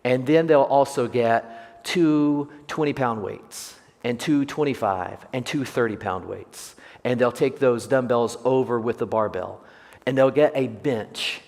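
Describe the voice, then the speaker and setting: A man's voice: medium pitch, a little mellow. A man preaching a sermon, telling humorous personal stories and asking the congregation questions. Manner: jokey storyteller, asks the congregation questions. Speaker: pastor. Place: large church sanctuary. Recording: long church hall reverb.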